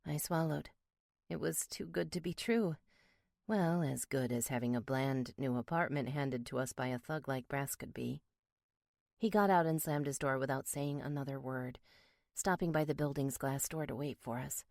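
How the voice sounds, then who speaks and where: A woman narrating a first-person romance audiobook in a steady, measured way. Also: very deep voice, gravelly, no room sound, studio quality.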